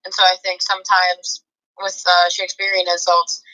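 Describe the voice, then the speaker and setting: A man's voice: high-pitched, completely flat delivery, moderate pace, sharp tone, rough recording. A young man as a guest explaining his thinking casually, thoughtful and hesitant with fillers.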